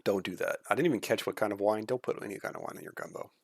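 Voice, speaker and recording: A man's voice: lowish voice, rapid-fire, vocal fry, husky. A man streaming casual reaction commentary, blunt and critical, swearing freely.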